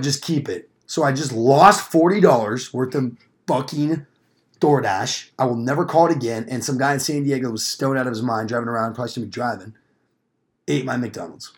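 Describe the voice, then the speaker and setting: Speaking briskly at a medium pitch, this young podcast co-host spins a loose, foul-mouthed tale. He acts out the lines he quotes as he goes, keeping it all relaxed.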